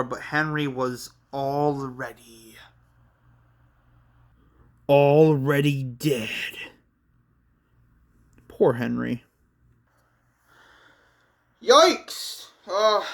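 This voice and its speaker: A man hosting a casual manga read-along, narrating with halting, chatty asides. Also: mid-range voice, fairly even intonation. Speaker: channel host reading a manga.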